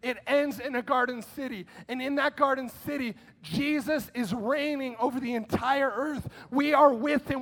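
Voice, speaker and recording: A male pastor giving an energetic, conversational sermon with sudden shouted lines. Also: very high-pitched, moderate pace. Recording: long hall reverb.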